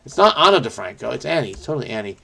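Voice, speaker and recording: A man thinking aloud as he solves a crossword, muttering to himself with many fillers and self-corrections, quick bursts between slower musing. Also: mid-range voice, very animated, creaky, pushed and bright. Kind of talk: thinking aloud while solving.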